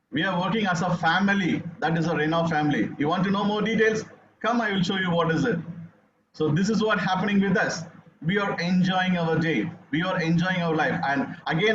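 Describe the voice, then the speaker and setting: An Indian English-speaking man with a high voice urges his listeners on with earnest, halting conviction. He speaks over a video call that sounds echoey and dull, with faint noise behind him. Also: a bit bright. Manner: earnest, halting with fillers, rousing. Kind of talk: motivational testimonial.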